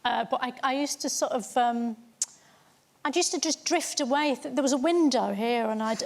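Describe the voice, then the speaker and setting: A woman's voice: high-pitched, moderate pace. A woman guest on a chat show, telling rambling, hesitant stories about old jobs. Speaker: comedian guest.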